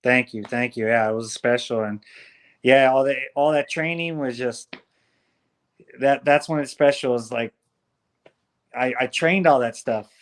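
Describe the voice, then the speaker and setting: Laid-back halting man on a video call. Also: medium pitch. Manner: relaxed, halting, many restarts. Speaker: guest fighter. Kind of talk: casual video-call interview.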